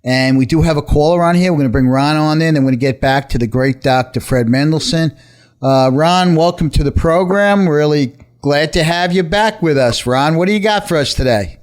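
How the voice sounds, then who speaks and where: A man hosting a talk radio show from a studio, an attorney who talks briskly and upbeat, often over his guests. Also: fairly high pitch. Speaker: radio show host, personal injury attorney.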